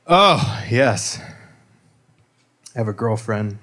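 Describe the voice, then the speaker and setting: Male stand-up, club stage mic, average pitch, meandering self-deprecating delivery. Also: animated, takes it slowly, heavy background noise. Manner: rambling and self-deprecating, with bursts of loud punchlines. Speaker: stand-up comedian. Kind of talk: stand-up set.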